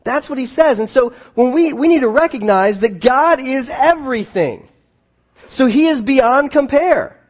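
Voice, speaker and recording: A man preaching a conversational sermon, often restarting his phrases and swinging between quiet asides and emphatic points. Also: extremely high pitch, expressive, a little slow. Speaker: pastor.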